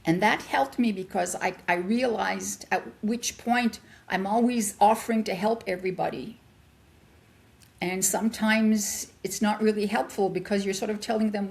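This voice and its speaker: An older woman, a guest in an interview, telling a personal story in an animated way and acting out the voices she quotes. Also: medium pitch, moderate pace, gravelly.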